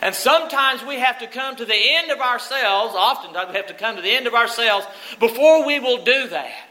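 A man's voice: very high voice, expressive, fairly quick, pushed and bright, low-quality recording. A middle-aged man preaching a sermon as pastor, earnest and full of questions to the congregation. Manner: earnest, asks many questions.

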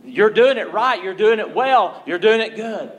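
A man with a high voice delivers a sermon to his congregation. He reads scripture aloud, stresses key words hard, and often restarts his sentences. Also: lively intonation, normal speed, muffled recording. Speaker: pastor.

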